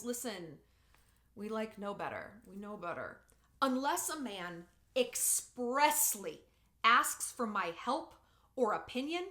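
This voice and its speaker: A woman talks straight to camera with a bright, rather high voice that swings widely in pitch. She gives relationship advice in a casual, sarcastic way. The recording has a roomy echo. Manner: animated, expressive and sarcastic. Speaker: vlogger giving relationship advice.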